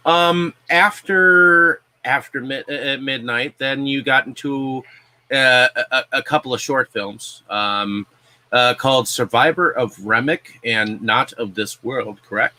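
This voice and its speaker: A man hosting an interview, asking questions slowly and hesitantly. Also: medium pitch, sharp tone. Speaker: interview host.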